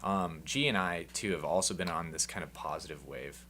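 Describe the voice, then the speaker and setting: Man, co-host, very low voice, eager and chatty, faint hum behind. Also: normal speed, sharp tone. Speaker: podcast co-host. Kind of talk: casual interview chat.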